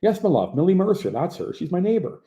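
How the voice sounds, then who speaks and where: A woman's voice: on the low side, big pitch swings, quick pace, mellow, reverberant, pitched above the performer's own voice. A man voicing a friendly, motherly telephone operator woman with a Newfoundland accent and sing-song, chatty dialect. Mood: warm chatty.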